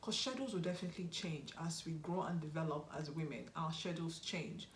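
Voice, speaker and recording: A young Nigerian woman hosts a motivational YouTube vlog, offering earnest, encouraging advice and repeating her key points. She speaks briskly in a low voice, and the recording has roomy echo with a bit of hiss or hum.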